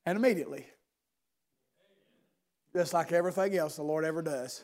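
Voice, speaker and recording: High-voiced preacher, fiery. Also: male voice, fairly quick. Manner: impassioned, swings from loud shouting to low intimate speech; addresses listeners by name, rhetorical questions. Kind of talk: sermon. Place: church service.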